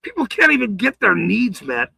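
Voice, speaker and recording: An angry man ranting on his livestream, swearing hard, stammering and shouting. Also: high-pitched, wildly swooping pitch, normal speed, creaky, slightly rough, dry recording, poor audio. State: furious.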